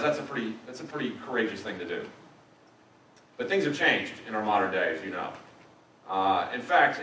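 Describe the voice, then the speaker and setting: A man's voice: mid-range voice, fairly bright tone, slight background noise. Middle-aged man, church lecture, conversational, dry humor, echoey sanctuary, distant mic. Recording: echoey church room from a distance, faint ambience.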